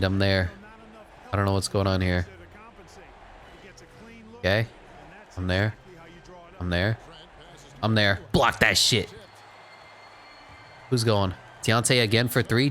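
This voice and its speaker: Playing a video game, a man with a medium-pitched voice keeps up casual, sarcastic commentary. He swings from mocking asides to excited play-by-play.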